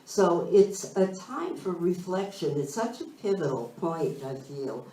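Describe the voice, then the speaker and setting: A woman minister giving a slow, thoughtful spiritual talk, searching for her phrasing as she goes. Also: lowish voice, very animated, warm tone, a little hiss or hum. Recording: roomy sound from a distant mic.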